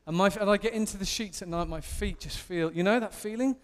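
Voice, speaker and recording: An English man in his thirties preaching a sermon, animated and self-mocking as he tells stories. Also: high voice, brisk, big-room sound. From England. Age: 30s. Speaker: pastor.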